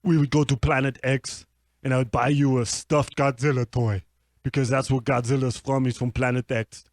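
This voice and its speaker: A man doing a bragging, flirty strongman voice for an improv radio sketch. He sounds boastful and sure of his own strength, at an everyday middle pitch. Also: flat delivery, normal speed, no echo, clean studio sound, lightly acted. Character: Arnold Schwarzenegger impression, boastful muscleman.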